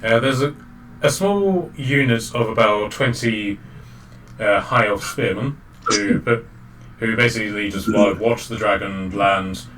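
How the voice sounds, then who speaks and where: Low-voiced man narrating a tabletop game. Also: a bit bright. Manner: halting, many fillers and restarts. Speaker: game master. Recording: distant mic, faint background noise.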